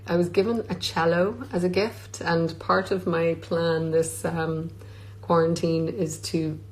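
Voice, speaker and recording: A woman with a slightly low voice, talking casually into her phone on a live stream. She reads out fans' questions and answers them with lots of "um"s along the way. She is an actress chatting easily from Scotland. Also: low-quality recording. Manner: reads questions aloud, many filler ums. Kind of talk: casual livestream Q&A. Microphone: phone on a social media live stream.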